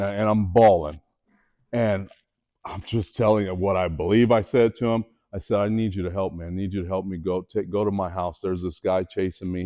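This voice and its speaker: A man's voice: medium pitch, darkish tone. A middle-aged man giving a motivational talk to students, telling a personal story earnestly and acting out the quoted voices. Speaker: motivational speaker. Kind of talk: school assembly talk.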